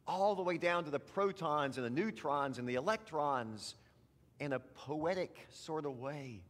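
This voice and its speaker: Slow-speaking man giving a children's sermon. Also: fairly high pitch. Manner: gentle, coaxing kids to repeat lines. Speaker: pastor. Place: church sanctuary. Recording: long church reverb.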